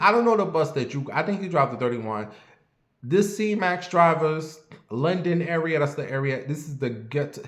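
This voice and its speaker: Chatty man livestreaming in an echoey room. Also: fairly high pitch. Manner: animated, rambling, chatty. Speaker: livestream host. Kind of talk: casual livestream chat with viewer shout-outs.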